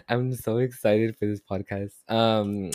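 A man hosting a casual podcast chat, excitable and slangy, cursing freely and hungover. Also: on the low side, slow pace, dry recording. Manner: excitable, slangy, swears a lot, mixes in Spanish. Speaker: podcast host. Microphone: podcast microphone.

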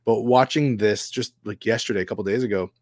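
A man's voice: lowish voice, fast talker, no room sound, clean studio sound. A man talking as a guest in a casual film discussion, thoughtful and rambling with many fillers. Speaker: guest writer and director.

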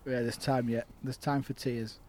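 A man with a Leeds accent co-hosting a casual chat in a back garden, excitable with loud bursts of elation. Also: medium pitch, moderate pace. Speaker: podcast co-host. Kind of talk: casual celebratory chat among friends.

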